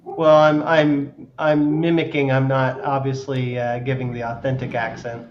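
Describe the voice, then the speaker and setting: A man's voice: medium pitch, little pitch movement, unhurried, highs cut off. A man hosting a casual chat who jokes around in an easygoing way. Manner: joking, easygoing. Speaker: host.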